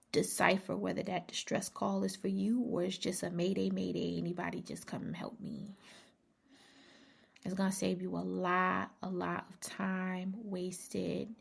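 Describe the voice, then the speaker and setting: Speaking with a lowish voice and vocal fry, a woman hosts her own podcast in a casual motivational style. She presses her points emphatically, repeats key phrases, and at times sinks almost to a whisper.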